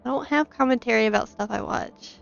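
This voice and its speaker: A shy young woman in her twenties chatting hesitantly and softly on a game stream. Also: on the high side, fairly quick, gravelly. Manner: soft-spoken, shy and hesitant. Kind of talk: casual game stream chat. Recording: dull lo-fi mic audio. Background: faint game music.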